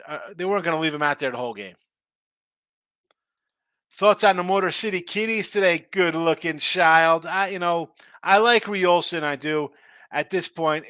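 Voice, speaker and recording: A man's voice: fairly high pitch, pushed and bright, no room sound. A man hosting a sports betting live stream, rambling and thinking aloud in casual chat. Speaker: sports betting show host.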